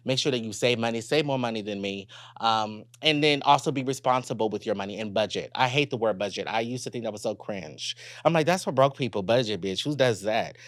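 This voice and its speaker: A man's voice: medium pitch, a little fast, a bit bright, no echo. A man hosting a podcast in a sassy, blunt and playful casual chat. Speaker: podcast host.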